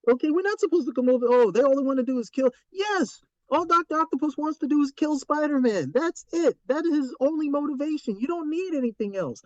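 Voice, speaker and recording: A man co-hosting a podcast, talking in an animated, opinionated way with frequent restarts. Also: very high voice, fairly quick, no room sound. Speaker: podcast co-host. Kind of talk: casual chat. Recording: dull lo-fi recording.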